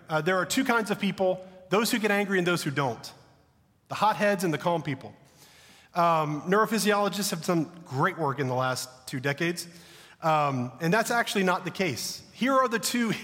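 A man's voice: sits high, in a large hall. A man in his thirties with a Southern American accent, preaching a conversational, self-deprecating sermon. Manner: conversational, self-deprecating, drops to a hushed voice for stories. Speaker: pastor.

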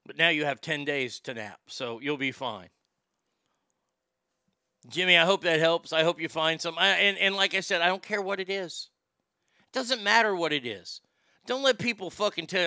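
A man's voice: high voice, moderate pace, sharp tone, no echo, studio quality. A middle-aged man hosting a show, reading listener mail in a blunt, profane, rambling way. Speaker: host.

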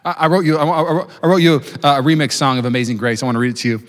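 A man in his thirties preaching a sermon to his church, talking fast with jokes and self-deprecating asides. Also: fairly high pitch. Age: 30s. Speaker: pastor. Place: church auditorium with live congregation. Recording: long hall reverb.

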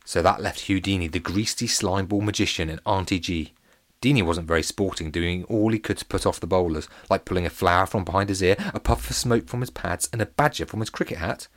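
A man narrating a children's story in a playful, animated and comic way. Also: low voice, a little fast, dry recording.

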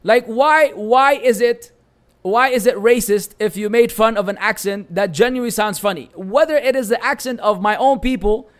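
A man with a Lebanese Arabic accent, a native Arabic speaker, answering viewer questions as an Islamic teacher in an animated, bantering live-stream chat that is sprinkled with Arabic phrases. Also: sits high, normal speed.

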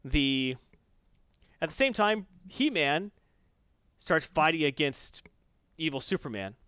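Animated man recapping a story. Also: on the high side, takes it slowly, clean tone, dry recording. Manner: animated storyteller, acts out voices. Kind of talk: casual chat recapping a comic. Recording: dry muffled lo-fi sound.

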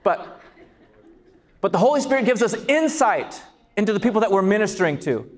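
A man preaching a sermon as pastor, passionate and building to shouts on key lines. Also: sits high, very animated, a little fast. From California.

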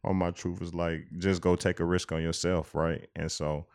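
A man's voice: low-pitched, little pitch movement, moderate pace, vocal fry, darkish tone. A man co-hosting a podcast, talking earnestly and reflectively in a casual chat, with many restarts. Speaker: podcast co-host.

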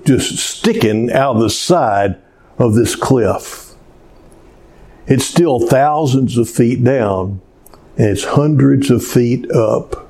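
A man preaching a sermon in an earnest, slow manner, telling a story with dramatic pauses. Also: medium pitch, dark tone. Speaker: pastor.

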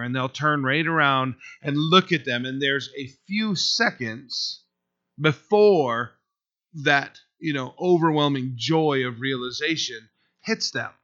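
A man preaching an expository sermon as a pastor, speaking earnestly and conversationally, pausing often as he works through the passage. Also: mid-range voice, sharp tone, lo-fi sound.

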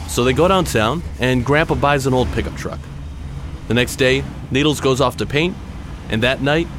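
A man's voice: medium pitch, a little hiss or hum. A man telling a dramatic personal story in punchy, short clipped phrases.

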